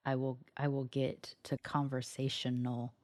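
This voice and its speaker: Solo podcast host, scratchy morning voice, mid pitch, chatty and meandering, dry close sound. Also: level tone, moderate pace, darkish tone, dry recording. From United States. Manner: chatty and meandering, often circling back mid-sentence. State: scratchy voice from just waking up. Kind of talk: casual solo podcast monologue.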